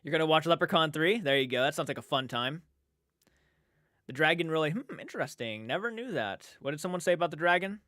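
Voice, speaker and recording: A man's voice: on the high side, expressive, a little fast, sharp tone, no echo, studio quality. A young man hosting a casual late-night livestream, reading chat aloud in a sleepy, yawning, rambling way with restarts. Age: young adult.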